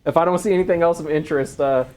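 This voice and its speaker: A man playing a tabletop game, talking casually with halting restarts. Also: a little high, darkish tone, low-quality recording. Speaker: player.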